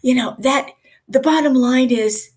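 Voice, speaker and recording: A woman leading a live online communication coaching session in a lively, conversational way, often acting out examples for her listeners. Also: high voice, measured pace, breathy edge. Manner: lively, conversational teacher who acts out examples.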